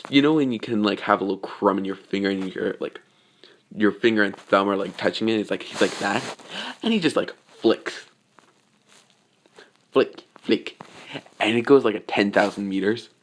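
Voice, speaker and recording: Rambling man retelling a fan story. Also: lowish voice. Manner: rambling, full of fillers like "like" and "you know". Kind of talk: casual retelling of a fan scenario.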